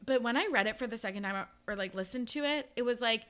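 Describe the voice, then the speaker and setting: A woman with a bright, smooth voice recaps a book for a casual podcast. She is chatty, full of fillers, and moves quickly from point to point. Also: a little high. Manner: chatty recapping with many likes. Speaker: podcast co-host.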